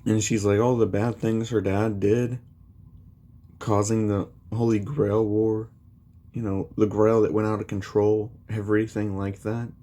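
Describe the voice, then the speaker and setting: Slow, mellow-voiced man retelling a story. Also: fairly low pitch, level tone. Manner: rambling, many fillers like "you know" and "like". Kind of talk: casual retelling of a fan story.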